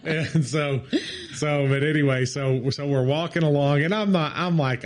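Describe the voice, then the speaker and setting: A middle-aged man co-hosting a casual chat, telling an animated story, acting out what people said and laughing often. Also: mid-range voice, a little fast. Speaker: podcast co-host.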